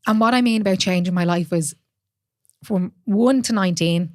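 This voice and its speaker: A woman's voice: medium pitch, normal speed, a little mellow, no room sound. Candid Irish woman, dry close sound. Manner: candid, swears casually, laughs often. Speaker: podcast host and fitness coach. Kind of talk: casual chat.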